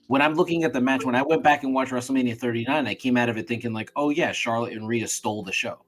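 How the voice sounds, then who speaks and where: A man's voice: medium pitch, quick pace. Male panel guest, mid-range voice, firm and contrarian. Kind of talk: casual panel debate.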